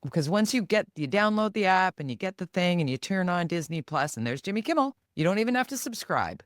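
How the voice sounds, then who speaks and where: A middle-aged Canadian woman co-hosting a podcast, talking in a lively, animated way and acting out quoted voices. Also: lowish voice, fairly quick, no room sound, studio quality. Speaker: podcast co-host. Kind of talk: casual chat.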